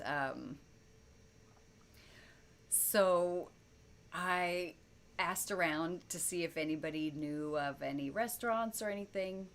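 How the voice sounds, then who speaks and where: A woman's voice: low voice, slight background noise. A woman telling a personal story to camera in a casual, rambling way, with many fillers and frequent laughs. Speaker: vlogger telling personal stories. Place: indoors at home, lit by light bulbs.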